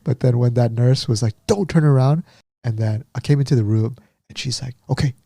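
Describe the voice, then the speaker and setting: A man co-hosting a podcast, chatting casually and telling a story with lively acted-out quotes. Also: medium pitch, fairly quick, creaky, no echo, studio quality. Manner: animated storyteller, acts out quotes. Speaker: podcast co-host. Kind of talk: casual chat.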